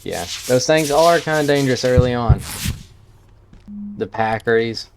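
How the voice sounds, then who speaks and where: A gameplay streamer talks through a survival game at a measured pace, his medium-pitched voice casually thinking aloud in let's-play style. Game music plays underneath.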